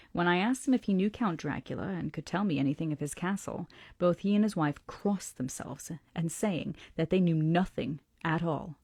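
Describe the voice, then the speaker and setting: A woman reading a classic novel aloud to her book club, slow and deliberate, slipping into soft whispers for effect. Her voice sits low and mellow, and the sound is dry and close. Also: dry recording.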